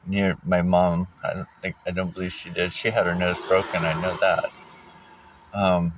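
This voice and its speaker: A man casually telling a personal story, halting often with fillers and restarts and giving wry little laughs. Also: low-pitched, flat delivery, noisy background. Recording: dull lo-fi recording.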